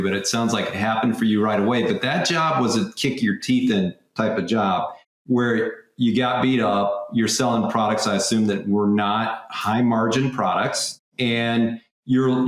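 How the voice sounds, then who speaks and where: A man hosting a podcast interview, measured, summing up his guest's points. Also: on the low side. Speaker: podcast host. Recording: echoey room.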